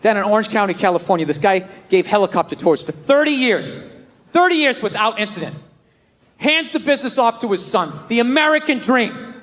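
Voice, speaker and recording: A male stand-up comic with a very high voice, ranting in an exasperated, profane way. The audience laughs, and noise rises from the room during the live show. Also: expressive, normal speed, fairly bright tone, a faint crowd. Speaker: stand-up comedian. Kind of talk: stand-up comedy set.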